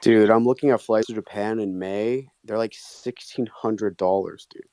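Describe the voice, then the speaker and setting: A man chatting on a live audio call, excitable and slangy, swearing casually. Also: lowish voice, normal speed, no echo. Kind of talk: casual chat.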